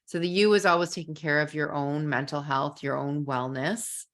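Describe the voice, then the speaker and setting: A middle-aged woman coaching parents in a relaxed, talky masterclass. Her voice sits a little low, and she keeps dropping "like" as she talks. Every so often she jumps up into playful acted-out quotes. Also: normal speed. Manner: chatty, many "like" fillers, acts out quoted lines. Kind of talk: live masterclass teaching.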